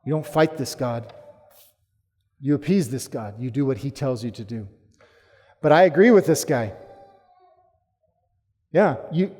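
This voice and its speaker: A man preaching a sermon as pastor, emphatic, rising to forceful challenges and then dropping low. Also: lively intonation, normal speed, pauses often. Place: church sanctuary. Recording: long hall reverb.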